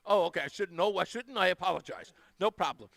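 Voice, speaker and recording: A man's voice: sits high, animated, quick pace, creaky, a bit bright, no room sound. A man hosting a live radio talk show, chatting casually and effusively thanking donors. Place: radio studio.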